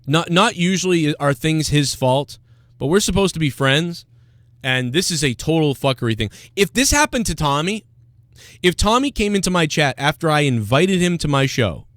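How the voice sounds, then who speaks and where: A man's voice: fairly high pitch, expressive, normal speed, fairly bright tone, dry recording, clean studio sound. A man hosting a livestream, ranting in an aggrieved tone and reading out chat comments. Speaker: livestream host.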